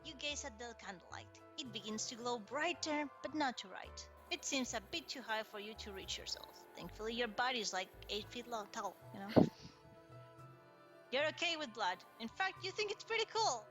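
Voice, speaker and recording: A young woman reading an interactive story aloud, playful and quick to swear. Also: a little high, animated, a bit bright, soft background music. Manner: playful, swears, laughs often.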